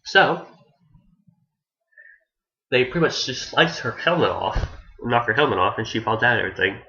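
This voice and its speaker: A man talks through an anime plot in a loose, rambling review. His voice sits at an ordinary mid pitch, and he restarts his sentences and swears casually. The recording is dull and lo-fi. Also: animated, moderate pace, creaky, pushed and bright.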